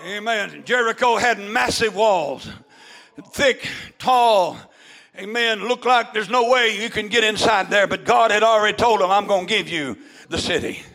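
A male pastor, preaching a fervent shouted sermon to his congregation, peppered with "amen" and "uh". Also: high voice, a little slow, vocal fry, rough recording. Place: church with congregation.

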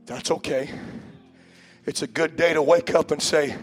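A man pastor preaching a sermon in a church, with a rhythmic cadence that swells into shouts and frequent "uh" breaths. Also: on the high side, fairly even intonation, unhurried, soft background music. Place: church sanctuary before a congregation.

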